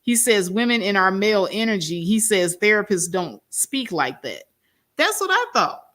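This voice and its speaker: A woman's voice: mid-range voice, sing-song, moderate pace, fairly bright tone. A woman hosting a livestream, reacting with incredulous questions. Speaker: host. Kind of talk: livestream commentary.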